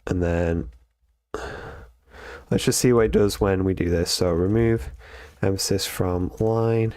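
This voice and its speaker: A man on a live stream reading programming lessons aloud and thinking out loud as he codes, with frequent ums and restarts. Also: low-pitched, fairly even intonation, unhurried, no room sound, clean studio sound. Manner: thinks aloud with many fillers and self-corrections. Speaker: streamer learning to code.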